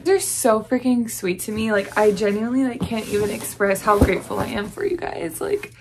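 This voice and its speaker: A woman's voice: medium pitch, brisk, few pauses, a little hiss or hum. A young woman with a Southern US accent, gushing and gasping through an unboxing vlog. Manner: gushing, gasping, breathless excitement. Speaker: vlogger.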